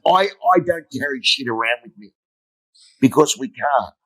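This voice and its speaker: A man's voice: mid-range voice, lively intonation, normal speed, fairly bright tone, rough recording. A middle-aged man, a motivational speaker, telling blunt, humorous stories in an interview and swearing freely. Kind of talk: storytelling interview.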